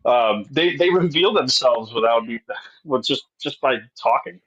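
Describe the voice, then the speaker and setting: Calm male guest, wry dry humor, mid-pitched voice. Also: measured pace, husky, highs cut off. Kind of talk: casual chat.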